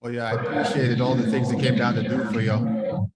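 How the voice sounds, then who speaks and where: A man's voice: medium pitch, flat delivery, brisk, echoey room, over a noisy crowd. A male band member bantering in an interview, joking and self-mocking.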